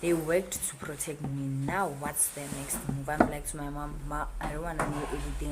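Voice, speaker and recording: A woman's voice: sits low, flat delivery, moderate pace, few pauses, very noisy. A young South African woman with a South African accent, telling a story in a chatty way full of slang and fillers. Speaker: YouTuber. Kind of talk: casual storytime. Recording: music playing behind.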